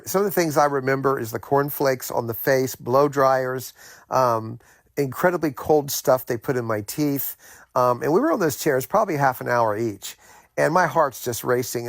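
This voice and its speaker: A man's voice: mid-range voice, no room sound. A middle-aged man from the United States telling a personal story in a casual, rambling way, with many fillers and restarts.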